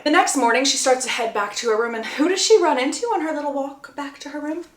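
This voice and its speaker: A woman's voice: sits high, lively intonation, fast talker, hardly any pauses. A young woman retelling a story in a chatty, dramatic way with playful asides. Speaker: book recap creator. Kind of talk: casual storytelling recap. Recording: roomy echo.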